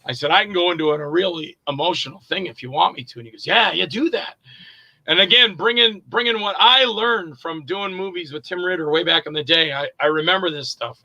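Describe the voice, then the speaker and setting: A man's voice: sits high, a little fast, no echo, dull audio. A middle-aged man, an actor and director, casually telling stories in an interview and acting out quoted dialogue with plenty of fillers. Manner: animated, acts out quoted dialogue, frequent fillers.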